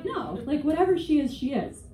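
A woman's voice: medium pitch, lively intonation, normal speed, warm tone. A woman in her twenties doing a stand-up comedy set on stage, sarcastic, profane and conversational. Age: 20s. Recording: echoey room, distant mic, faint noise.

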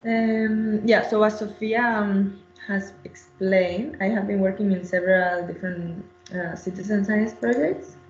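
A woman's voice: medium pitch, fairly even intonation, a little slow, muffled recording. Woman, researcher, webinar talk, hesitant, fillers, roomy sound. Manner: hesitant, many fillers and restarts. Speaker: postdoctoral researcher presenting. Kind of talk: webinar presentation.

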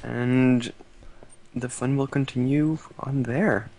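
A man's voice: mid-range voice, fairly even intonation, takes it slowly, warm tone. A man co-hosting a charity stream over a voice call, upbeat and coaxing, thanking donors and passing on news. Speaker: stream co-host reading donations. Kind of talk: casual chat on a voice call.

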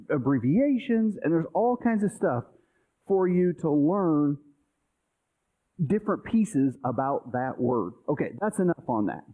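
Man teaching a class over a tinny line. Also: sits high. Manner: conversational, explains with everyday examples and checks in with "okay?". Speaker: pastor teaching a Bible study class. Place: church. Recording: tinny, phone-like sound.

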